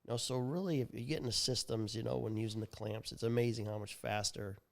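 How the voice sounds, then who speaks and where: A man's voice: fairly low pitch, fairly even intonation, fast, creaky. A man talking about his company's tools on a podcast, telling customer stories with enthusiasm. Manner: enthusiastic salesman storytelling. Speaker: tool company representative. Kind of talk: casual podcast chat.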